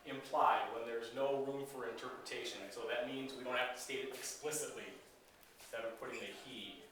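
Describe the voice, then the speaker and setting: A man, an English teacher, giving a recorded grammar lecture in a relaxed, explanatory way with frequent fillers. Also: mid-range voice, fairly quick, background noise. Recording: very echoey room, voice from a distance.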